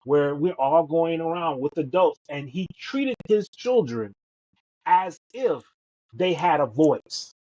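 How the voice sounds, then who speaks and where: A middle-aged man talks with emphatic storytelling energy, doubling back over his words and leaning on "man" as he goes. His voice sits a little high for a man. The sound is dull and lo-fi, like a thin connection. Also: expressive, slow, darkish tone. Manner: emphatic, repeats words, says "man" often. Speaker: podcast co-host. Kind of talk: storytelling in conversation.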